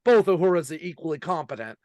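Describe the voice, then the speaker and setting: A man co-hosting a podcast, passionate and animated, often stumbling over his words in casual chat. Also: a little high, quick pace, crowd noise. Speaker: podcast co-host.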